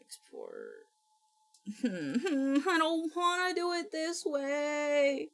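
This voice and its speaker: A woman's voice: high voice, lively intonation, drawn-out words. A woman streamer chatting casually on a livestream, muttering to herself, reading instructions aloud and swearing now and then.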